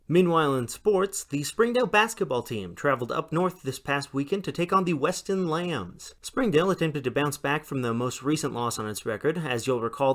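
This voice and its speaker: Male college radio news host, deadpan straight-faced read, mid-range voice. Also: mid-range voice. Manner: straight-faced newsreader delivery. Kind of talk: mock news broadcast.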